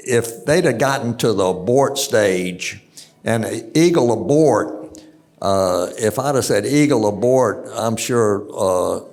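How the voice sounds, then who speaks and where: An older man with a Southern US accent tells a long story on stage, halting often with filler sounds. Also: lowish voice, a little mellow. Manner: halting, many uh fillers, slow drawl. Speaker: astronaut guest.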